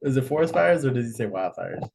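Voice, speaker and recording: An easygoing man co-hosting a casual podcast. He chuckles often and talks loosely in a mid-pitched voice, close to the mic. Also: expressive, quick pace, a little mellow, slight background noise. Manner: easygoing, chuckling, says "bro" a lot. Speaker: podcast co-host. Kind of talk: casual chat.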